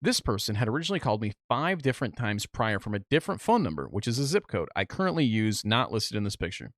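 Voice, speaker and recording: A young man co-hosting a casual podcast, telling animated stories and acting out what other people said. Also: lowish voice, fast talker, no echo, studio quality. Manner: animated storytelling, acts out other people's lines. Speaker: podcast co-host. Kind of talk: casual chat.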